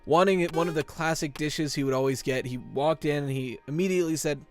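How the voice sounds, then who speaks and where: Joking young male streamer, slightly high voice. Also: soft background music. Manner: joking, tells groaner puns to chat; excitable, quick yelps of frustration. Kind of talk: live-stream gameplay chat.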